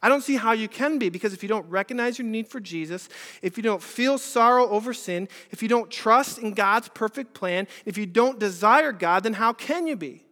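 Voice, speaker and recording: A pastor preaching an earnest sermon at a church service, asking many rhetorical questions and moving between loud and hushed delivery. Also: male voice, high voice, normal speed, few pauses. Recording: reverberant hall.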